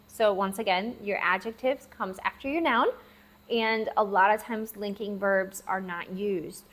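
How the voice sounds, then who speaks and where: A woman teaching a language lesson, patiently repeating words slowly and spelling them out. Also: mid-range voice, fairly even intonation. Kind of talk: classroom-style language lesson. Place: lives abroad in Southeast Asia.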